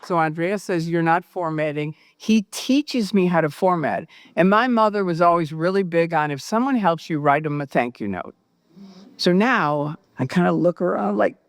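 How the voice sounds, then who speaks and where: A woman recounting her personal experiences, animated and acting out the dialogue she quotes. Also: low voice, dry recording, studio quality. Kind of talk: personal storytelling.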